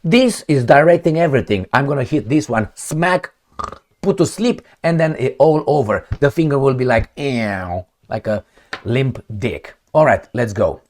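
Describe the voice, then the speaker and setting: Blunt, animated male vlogger with a lively pitch. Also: moderate pace. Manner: blunt and profane, mimics gunfire and kicks with mouth sounds; animated, emphatic, repeats words for stress. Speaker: channel host. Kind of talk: opinionated political commentary vlog.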